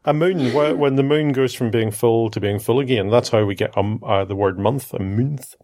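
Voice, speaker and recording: A man's voice: medium pitch, moderate pace, a little mellow. A middle-aged man hosting a casual family podcast, chatting and teasing his daughters in a playful, chatty way. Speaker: podcast host and father.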